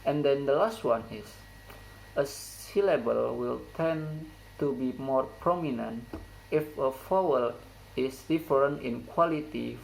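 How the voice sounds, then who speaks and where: Young male student, first language Indonesian, unhurried lesson read, gravelly edge, faint hiss behind. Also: medium pitch, a little mellow, low-quality recording. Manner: slow, careful reading with stumbles over phrasing. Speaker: student presenter. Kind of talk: read classroom presentation.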